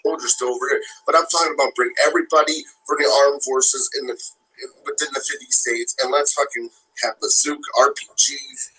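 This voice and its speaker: A man's voice: mid-range voice, fairly even intonation, a little fast, bright, forceful tone, a little hiss or hum, poor audio. A man in a rambling, profane rant, piling up angry claims and swear words.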